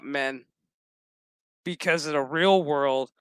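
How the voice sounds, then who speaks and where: Slow, sassy, foul-mouthed male streamer. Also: on the high side, a bit bright, dry recording. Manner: sassy, profane, exaggerated retelling. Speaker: streamer reviewing a show. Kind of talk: casual crude reaction commentary.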